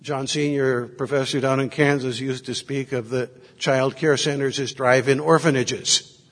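A priest with a mid-range voice speaks at a moderate pace and fairly even intonation in a large hall. His sermon is reflective, woven from anecdotes of his ministry, and he drifts in and out of the voices he quotes.

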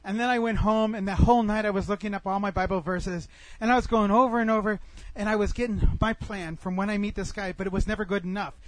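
Middle-aged man, high voice, animated storytelling, excitable, restarts and repeats, dry close sound. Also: fast, dry recording, low-quality recording. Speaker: speaker telling a personal faith story.

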